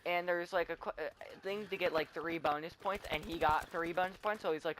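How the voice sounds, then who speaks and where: A man's voice: on the high side, steady tone, a little fast, few pauses, fairly bright tone, slight background noise. Rambling teenage boy gamer. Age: teens. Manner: rambling, chatty, tells stories with restarts. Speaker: gaming commentator. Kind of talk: rambling live gameplay commentary.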